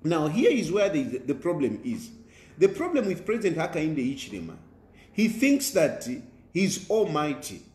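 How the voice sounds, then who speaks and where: Emphatic Zambian politician, lively pitch. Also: male voice, moderate pace, roomy sound. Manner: emphatic, repetitive, preaching tone with many fillers. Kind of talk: political commentary monologue.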